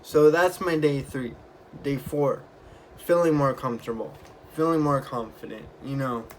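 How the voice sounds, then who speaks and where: A young man vlogging, casually retelling his week with lively quoted bits of dialogue. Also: mid-range voice, a little slow, a little hiss or hum. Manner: chatty, animated retelling with acted quotes. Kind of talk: casual storytelling vlog.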